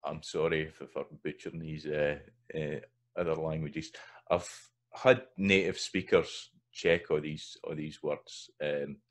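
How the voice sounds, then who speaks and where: A man with a Scottish accent giving an educational video lecture, halting, with many fillers and restarts as he sounds out words. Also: extremely low pitch, level tone. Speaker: language teacher.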